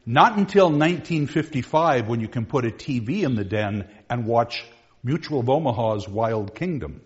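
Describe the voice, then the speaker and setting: A man lecturing on literature in a lively classroom style, animated and joking, with a theatrical delivery. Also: mid-range voice, moderate pace. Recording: dull lo-fi recording.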